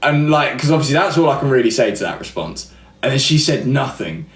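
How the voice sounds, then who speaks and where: A man's voice: mid-range voice, sing-song, brisk. Chatty young man, roomy echo. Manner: rambling, self-deprecating, laughing storyteller. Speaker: livestream host. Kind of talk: casual chat reading live comments.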